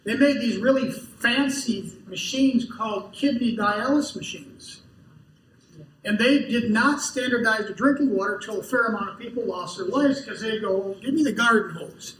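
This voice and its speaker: A man's voice: high-pitched, moderate pace, a bit bright. A man giving a conference lecture and answering questions, telling folksy stories with quoted dialogue. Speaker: conference speaker. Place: conference hall. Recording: echoey hall, distant mic, faint noise.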